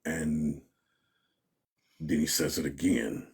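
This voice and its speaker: With a rumbling low voice that's slow, creaky and slightly rough, a man being interviewed spins a casual yarn. He laughs a lot and animatedly performs the quotes of the people involved.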